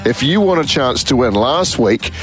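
A man's voice: medium pitch, lively intonation, moderate pace, soft background music. A man with a New Zealand accent hosting a sports radio show in a studio, upbeat and chatty. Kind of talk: casual radio chat. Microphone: studio mic.

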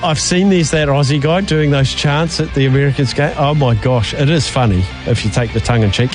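A man's voice: mid-range voice, fairly quick, hardly any pauses. A middle-aged man with a New Zealand accent hosting a radio show, chatting and reading listener texts aloud. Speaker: radio host. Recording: faint music behind.

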